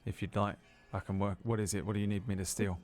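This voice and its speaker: A man's voice: on the low side, little pitch movement, fast, a little mellow, soft background music, lightly acted. A man voicing a nervous young male thief who stammers with hesitant fillers. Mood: flustered.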